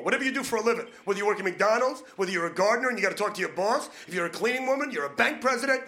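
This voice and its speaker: A man's voice: high voice, expressive, very fast, hardly any pauses, pushed and bright. A man doing a crude, brash stand-up comedy set, punching his lines.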